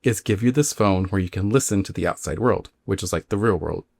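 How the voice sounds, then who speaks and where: A man's voice: sits low, a little fast, vocal fry, darkish tone. A man voicing a secretive, sad dream-spirit woman while retelling a spooky story, in a casual, near-plain voice. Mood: hushed.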